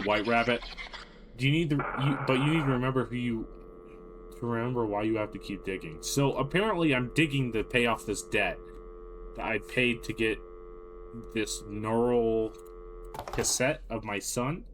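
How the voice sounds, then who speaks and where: A man's voice: medium pitch, normal speed, noisy background. Startled man reading game text. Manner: reads on-screen text aloud, reacts with startled outbursts. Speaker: gaming video creator. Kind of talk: let's play commentary.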